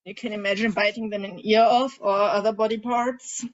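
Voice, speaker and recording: A woman coach guiding a group tapping session in a calm way, asking the group questions as she leads them. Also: medium pitch, normal speed. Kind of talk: guided coaching instruction. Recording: dull lo-fi audio.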